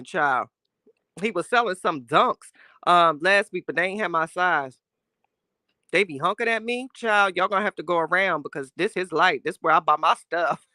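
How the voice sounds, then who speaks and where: A woman's voice: mid-range voice, no echo, clean studio sound. A woman hosting a casual livestream, reading chat and talking with sass, laughing often. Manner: sassy, animated, laughing often, Southern Black American slang.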